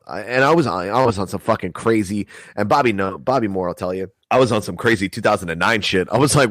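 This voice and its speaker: A man's voice: fairly low pitch, fast talker, few pauses, no echo. A man telling wild stories in a casual chat, swearing often and acting out the people he quotes. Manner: profane, animated, acts out quoted voices. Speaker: podcast guest. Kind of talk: casual storytelling.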